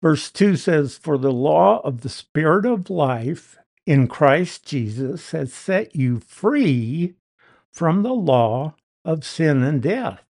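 A man's voice: fairly high pitch, sing-song, slow, vocal fry, darkish tone. A man teaching a verse-by-verse Bible lesson, explaining and stressing key words with emphasis.

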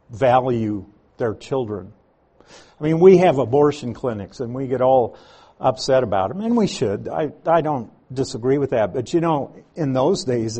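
A man's voice: medium pitch, dark tone, breathy edge. A man as pastor, teaching an evening Bible study sermon in a conversational way with frequent asides.

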